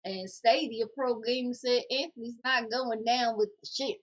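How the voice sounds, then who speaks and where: High-voiced woman co-host reading chat. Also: moderate pace. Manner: reads chat comments aloud, jokey and animated. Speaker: co-host reading viewer comments. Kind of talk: casual podcast chat.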